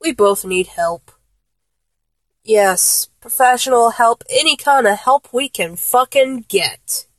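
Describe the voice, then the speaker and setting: A young woman with a fairly high voice, talking slowly and breathlessly to an unseen partner in an intimate audio role-play. Her pitch leaps around a lot, from low murmurs to giddy squeals. The sound is close and dry, with no room around it. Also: expressive, a bit bright, dry recording.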